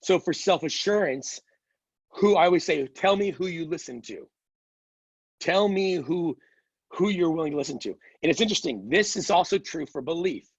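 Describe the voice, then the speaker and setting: A man's voice: a little high, lively intonation, breathy edge, dry recording, muffled recording. A middle-aged man teaching a class in a casual, conversational way, telling stories and quoting others with playful voices. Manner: conversational, quick asides and playful quoted voices. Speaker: strengths coach teaching a class. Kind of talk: casual lecture with anecdotes.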